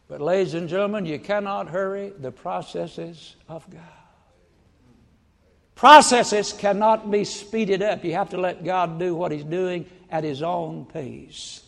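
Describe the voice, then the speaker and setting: High gravelly preacher in a reverberant hall. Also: male voice, unhurried. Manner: folksy storytelling preacher, bursts into loud acted-out quotes. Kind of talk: sermon. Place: church sanctuary. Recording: long church-hall reverb.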